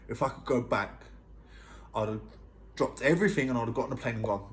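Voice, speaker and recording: A man's voice: medium pitch, fast talker, long pauses, a little hiss or hum. Earnest man telling a story. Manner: earnest, emphatic, keeps checking in with "yeah?". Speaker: vlogger telling his own story. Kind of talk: casual storytelling to camera.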